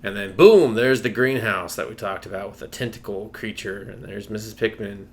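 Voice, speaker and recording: A man co-hosting a casual movie review chat, recapping scenes with swearing and quick acted-out lines. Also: fairly low pitch. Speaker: podcast co-host.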